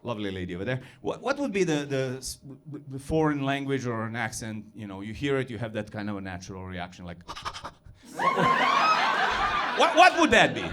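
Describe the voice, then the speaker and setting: A man's voice: on the low side, expressive, brisk, few pauses, background noise. A middle-aged man from former Yugoslavia with a Balkan accent, doing a stand-up comedy set on a club stage into a handheld mic, often laughing through his punchlines.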